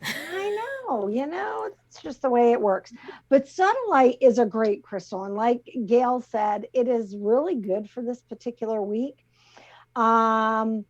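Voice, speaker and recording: A middle-aged woman co-hosting a talk show, chatting easily and laughing often as she gently explains things over a video call. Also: fairly high pitch. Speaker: co-host presenting the crystal of the week. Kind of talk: casual chat. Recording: slightly muffled call audio.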